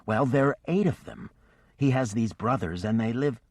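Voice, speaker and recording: A man's voice: mid-range voice, moderate pace, a little mellow, dry recording, pitched above the performer's own voice, natural voice. A man voicing a polite, direct teenage girl. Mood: earnest. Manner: polite, a bit curt.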